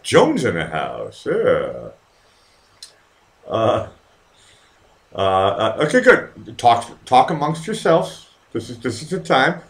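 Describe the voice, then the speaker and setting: Drinking as he streams, a man with a lowish, fairly bright voice hosts his own live online show. He rambles and swears a lot in casual chat, talking directly to his viewers' chat.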